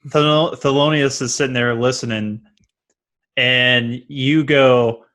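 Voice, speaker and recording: A man narrating as dungeon master of a tabletop game, loose and halting, often laughing as he describes scenes. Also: mid-range voice, fairly even intonation, a bit bright.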